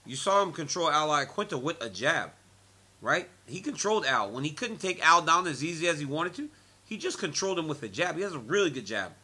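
This is a man in his forties answering reporters' questions, and his voice is bright and sits a little high. He talks in an animated way, laughs often and repeats phrases as he tells his stories. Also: a little fast, breathy edge. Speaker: interviewee, former fighter and commentator. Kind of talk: media scrum interview.

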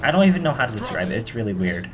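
A man's voice: mid-range voice, sing-song, rapid-fire, a little hiss or hum. Rambling, joking young man on gameplay. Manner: rambling, self-mocking, joking. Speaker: gaming channel host. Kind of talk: casual gameplay commentary.

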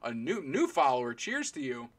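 A man's voice: mid-range voice, wildly swooping pitch, moderate pace, fairly bright tone. Man, live-stream host, casual rambling chat, names cards as he goes, faint background noise. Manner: chatty, rambling, calls out each card as it is pulled; talks to viewers and people in the room. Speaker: streamer opening trading card packs.

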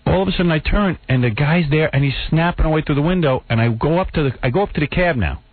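A man's voice: fast, no room sound. A male radio host telling an exasperated story in a casual talk-show chat, acting out what people said. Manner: exasperated, acts out quotes in a higher voice. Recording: phone-like narrow radio sound.

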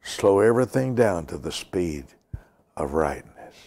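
An older male preacher with a very deep, gravelly voice. He talks slowly and with emphasis, repeating lines and sometimes sinking to a whisper. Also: animated, darkish tone. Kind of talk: sermon with prayer.

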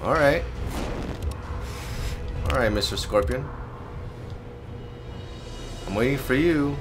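A man giving live gameplay commentary, excitable and teasing, with sudden yelps and laughs. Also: medium pitch, slow pace. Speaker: gaming video host. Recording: game music behind the voice.

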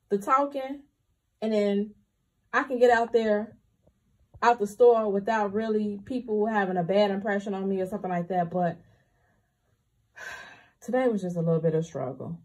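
A young woman, chatting candidly to her viewers about her couponing trip and calling them y'all. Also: medium pitch. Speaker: couponing vlogger. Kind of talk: casual chat to viewers.

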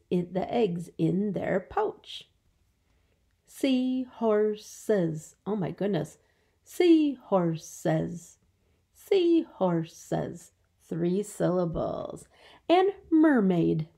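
A teacher giving a phonics lesson to young children, stretching out words slowly so they can count the syllables. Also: female voice, lowish voice, vocal fry, dark tone.

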